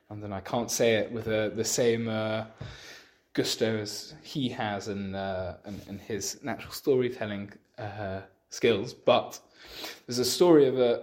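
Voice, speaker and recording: A man teaching a Torah lesson with a story, halting often and restarting his sentences. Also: fairly low pitch, darkish tone. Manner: halting, many restarts, acts out quotes. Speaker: religious teacher.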